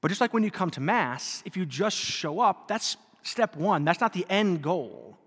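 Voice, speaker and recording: Casting: a joking, self-deprecating priest in his thirties, bright high voice, echoing church. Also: big pitch swings, moderate pace, slightly rough. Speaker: Catholic priest. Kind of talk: sermon. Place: church before a live congregation. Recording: reverberant church hall.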